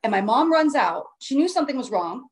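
Woman, higher voice, casual first-person storyteller, earnest and emphatic, restarts phrases. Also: very animated, brisk.

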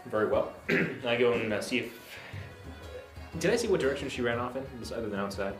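A male player at a tabletop game, offhand and joking as he speaks. He talks quickly, and his voice carries a roomy echo. Faint music sits behind him. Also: mid-range voice, animated. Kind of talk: tabletop role-play.

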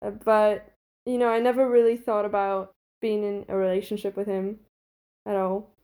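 Medium-pitched and mellow, her voice stays level at a moderate pace. The speaker is a woman in her twenties appearing as a podcast guest, chattily sharing a personal anecdote peppered with "like" and laughter.

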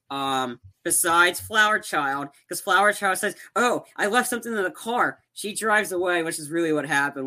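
A man's voice: on the high side, bright, forceful tone. A man casually recapping a film's plot, rambling with many restarts and fillers and acting out characters' lines.

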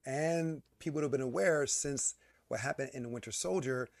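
Brief: man, animated ranting movie critic, dry close sound. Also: medium pitch, moderate pace, vocal fry, no echo. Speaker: podcast co-host. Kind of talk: casual chat, movie review.

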